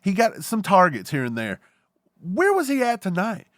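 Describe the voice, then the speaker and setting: A man with a notably high voice runs through a heated, joking rant on a casual sports talk show. The recording is dry and close, with no room sound at all. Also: moderate pace, no echo. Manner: animated, joking rants. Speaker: podcast co-host.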